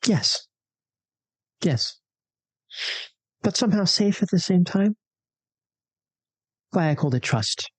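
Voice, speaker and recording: A player voicing a flustered, polite young woman artist who stammers gratefully and excitably. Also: mid-range voice, slow, pauses often, no echo, pitched above the performer's own voice.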